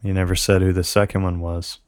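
Wry, low-voiced man co-host. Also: level tone, fairly quick. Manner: wry, swearing comments. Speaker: podcast co-host. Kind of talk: casual chat.

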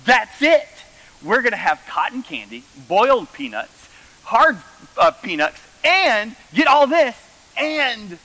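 A man voicing an excitable middle-aged mother who gushes with enthusiasm over her plans. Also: very high voice, brisk, pitched above the performer's own voice, heavily acted, low-quality recording. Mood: enthusiastic. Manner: enthusiastic, gushing.

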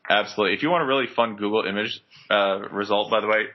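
A man's voice: fairly low pitch, racing. A man hosting a podcast, chatting casually about sports in a joking, rambling way with many fillers. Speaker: podcast host. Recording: dull lo-fi podcast recording.

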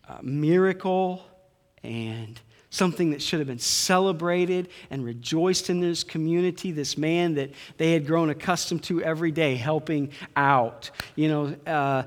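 Man pastor, emphatic sermon delivery that swells to loud peaks, slightly higher voice, long hall reverb. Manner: emphatic preaching, swings between soft low asides and loud high climaxes.

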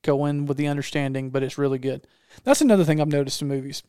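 A man in easy conversation who rambles with enthusiasm and keeps circling back to restart his thoughts. His voice is smooth and clear, pitched a little high, and sits close and dry on the mic. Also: fast talker, mellow, no echo. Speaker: podcast host. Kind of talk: casual chat.

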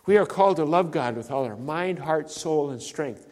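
A pastor preaching a sermon, emphatic and repeating key phrases for stress. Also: male voice, fairly high pitch, moderate pace, in a large hall. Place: church sanctuary.

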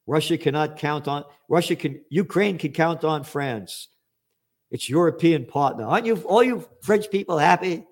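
A male commentator in the middle of a political rant, with a voice sitting a little high for a man. He talks with biting sarcasm and heavy profanity. His delivery climbs into angry shouts. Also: normal speed.

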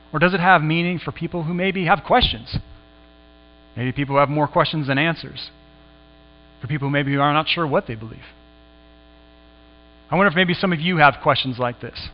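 A man preaching in a church, telling the story with quiet, hushed stretches and bursts of excitement. His voice sits a little high for a man. The recording is muffled, with a long echo and a low mains hum behind him. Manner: dramatic retelling, dropping to hushed tones, rising with excitement. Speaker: pastor. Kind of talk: sermon, storytelling a scripture passage. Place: church sanctuary.

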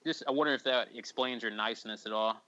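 A man's voice: mid-range voice, quick pace, pushed and bright, muffled recording. A man co-hosting a podcast in casual chat, teasing the others and laughing often. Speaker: podcast co-host.

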